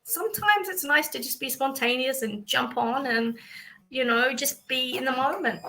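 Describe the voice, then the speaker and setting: Aussie psychic lady doing a live reading, bright voice w a bit of fry, lots of ums. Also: high voice, normal speed, rough recording. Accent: Australian. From Australia. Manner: chatty, warm reassurance, many fillers. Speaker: psychic medium. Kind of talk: livestream reading for viewers.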